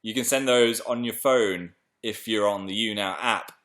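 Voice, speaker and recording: A young British man chatting excitedly on a live stream and reading viewer messages aloud. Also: lowish voice, moderate pace. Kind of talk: casual live stream chat.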